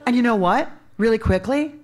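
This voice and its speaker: A woman's voice: a little high, expressive, a little fast. A woman in her fifties telling a self-mocking comic story live on stage, in a conversational way.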